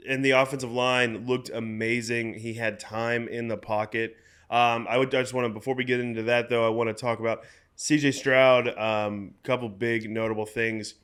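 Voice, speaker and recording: A young man co-hosts a casual sports podcast, working through numbers and stat lines with plenty of "um"s. His voice sits at an ordinary middle pitch. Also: flat delivery, moderate pace, a bit bright, clear, resonant tone. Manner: runs through stats, hesitant fillers. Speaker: podcast co-host.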